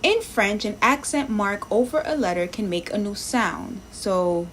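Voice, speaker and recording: A woman's voice: medium pitch, expressive, unhurried, fairly bright tone, a little hiss or hum. A woman live-streaming her language practice, chatting casually, thinking aloud, sounding out words and greeting viewers in the chat. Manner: reads lesson text aloud, sounding words out.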